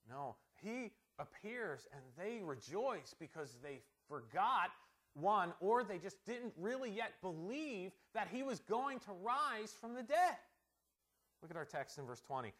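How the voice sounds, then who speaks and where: Man, middle-aged, high voice, pastor, conversational sermon, rhetorical questions, loud and soft by turns. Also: very animated, unhurried.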